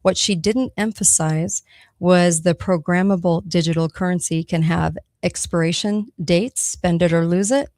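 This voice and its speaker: A woman with a lowish voice hosts a talk radio show on her own. She talks emphatically and conversationally and keeps checking in with her listeners. The sound is dry and close, with no room around it. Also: steady tone, unhurried, a little mellow, no echo. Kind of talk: solo talk radio monologue.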